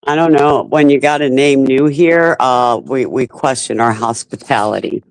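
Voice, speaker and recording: A woman's voice: extremely low pitch, normal speed, dry recording, poor audio. A woman hosting a casual group chat, teasing her guests and laughing often. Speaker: host of an open chat panel.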